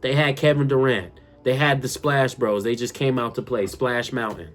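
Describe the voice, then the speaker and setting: A young man telling a funny personal story straight to his viewers, animated and slangy, often calling them "y'all". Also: medium pitch, normal speed, faint music behind. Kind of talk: casual storytime monologue.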